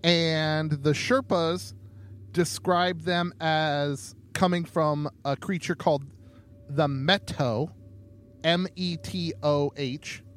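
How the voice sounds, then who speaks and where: Slow, halting podcast man. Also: fairly high pitch, steady tone. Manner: halting, with many ums and restarts. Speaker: podcast co-host. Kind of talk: casual podcast chat.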